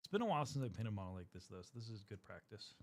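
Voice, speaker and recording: With a lowish voice that swings widely in pitch, he talks in rapid-fire bursts. It's relaxed live-stream banter as he paints miniatures, full of rambling and frequent swearing.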